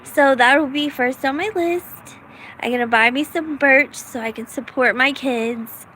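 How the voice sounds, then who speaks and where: A woman's voice: high-pitched, unhurried, sharp tone, slight background noise, rough recording. A middle-aged woman from the United States, rambling casually in a self-deprecating vlog with lots of fillers. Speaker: vlogger.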